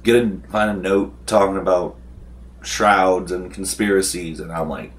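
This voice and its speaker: A man's voice: deep voice, steady tone, measured pace, slight background noise. A man casually retelling a tabletop role-playing session, wandering through the story with fillers and restarts. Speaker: vlogger recapping a tabletop game session. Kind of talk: casual rambling recap.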